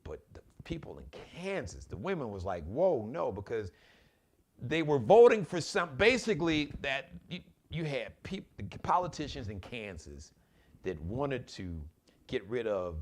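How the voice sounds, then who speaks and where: A man's voice: mid-range voice, sing-song, unhurried. A man hosting his own live commentary show, talking in an impassioned, preachy way and urging his listeners directly. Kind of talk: opinionated solo commentary.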